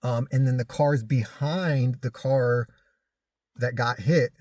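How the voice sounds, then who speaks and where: Halting man telling a story, dry sound. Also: medium pitch, steady tone, a little mellow, no echo. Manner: halting, full of restarts and fillers. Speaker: vlogger recounting a crash. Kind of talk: casual personal storytelling.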